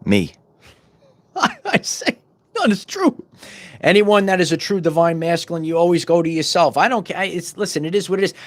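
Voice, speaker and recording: A middle-aged man hosting a podcast, giving a fervent spiritual monologue full of repetitions and stumbling restarts that rises into loud bursts. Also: high voice, lively intonation, brisk. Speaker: podcast host.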